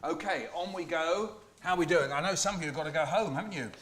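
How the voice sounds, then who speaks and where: A man's voice: fairly high pitch, fast talker, slight background noise. A man hosting a school poetry launch, playful and jokey, quizzing the children and performing for them in a hall. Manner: playful, jokey, animated, asks the children questions. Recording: echoey hall.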